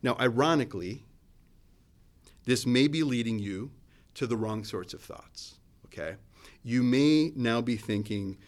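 A man's voice: unhurried, pauses often. A man preaching a sermon in a conversational, searching way, often restarting his sentences. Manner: conversational, searching, with restarts and lively swings in pitch and loudness. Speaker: pastor.

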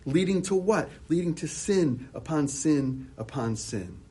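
A man's voice: a little high, animated, measured pace, warm tone, breathy edge. A man preaching an expository sermon, asking many rhetorical questions and often restarting his sentences.

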